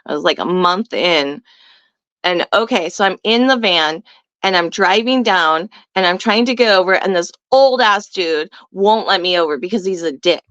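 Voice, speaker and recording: A woman's voice: fairly low pitch, animated, normal speed, fairly bright tone, dry recording, lo-fi sound. A young woman telling a story in casual chat, brash and profane, laughing often. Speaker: guest.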